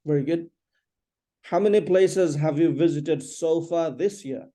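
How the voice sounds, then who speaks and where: A man teaching an English lesson one on one, patiently repeating questions and explaining slowly. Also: on the high side, dark tone.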